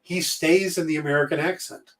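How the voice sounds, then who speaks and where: A man's voice: a little high, steady tone, brisk, a bit bright, distant mic. Joking man, slightly off-mic. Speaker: podcast co-host. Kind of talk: casual chat.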